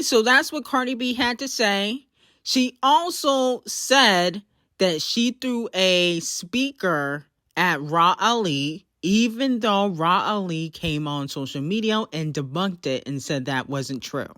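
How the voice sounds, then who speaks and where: A woman's voice: mid-range voice, animated, takes it slowly, fairly bright tone, no room sound, studio quality. Scornful woman host ranting. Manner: scornful, profane, sarcastic. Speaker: commentary channel host. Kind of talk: mocking commentary rant.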